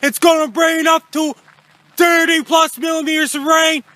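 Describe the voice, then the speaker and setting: A man putting on a squeaky male weather forecaster who reads a mock storm report. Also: normal speed, no echo. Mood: alarmed. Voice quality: squeaky, high and flat.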